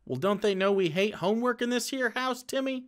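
A man's voice: high voice, brisk, voice pushed up, close to an everyday voice. A man voicing a folksy sitcom parent who talks to a child in a cheery, sing-song way.

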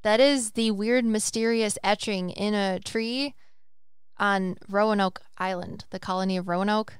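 A woman hosting a podcast, excitedly retelling a story in a rambling, casual way. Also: medium pitch, unhurried, smooth, dry recording, clean studio sound. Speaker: podcast host. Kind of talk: casual chat.

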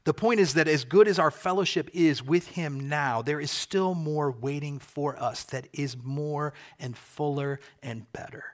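A man preaching a sermon as pastor, earnest and emphatic, repeating key phrases and slowing down for effect. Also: a little high.

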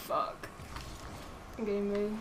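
A woman's voice: medium pitch, completely flat delivery, slow, noisy background. A woman streaming a game live, chatting casually, swearing freely and answering her chat aloud.

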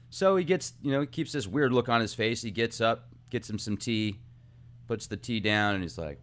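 A man hosting his own video channel, talking through a film's symbolism in an earnest, animated monologue. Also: lowish voice, a little fast. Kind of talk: casual monologue analysis.

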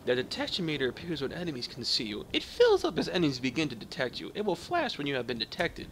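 A man playing a video game and commenting, jokey and excitable, talking back to the game. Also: fairly high pitch, quick pace, slight background noise. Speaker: gaming channel host. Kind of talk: let's play commentary. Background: game music.

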